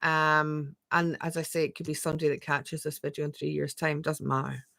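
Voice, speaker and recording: A woman coaching viewers on a live stream, talking gently and asking a lot of rhetorical questions. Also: low voice, flat delivery, a little fast, vocal fry, no room sound. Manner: reads viewer comments aloud and answers them. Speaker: spiritual coach.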